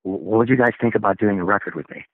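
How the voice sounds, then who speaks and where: A man, a rock singer, telling stories in a casual interview, rambling and animated. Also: lowish voice, very fast, no room sound. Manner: rambling, animated storytelling with laughs. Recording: tinny phone line, dry.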